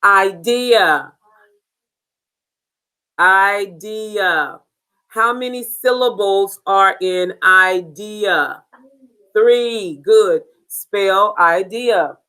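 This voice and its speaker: Woman teacher doing phonics drills, super slow, spells out every letter. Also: medium pitch, fairly bright tone, rough recording. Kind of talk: phonics lesson for beginners.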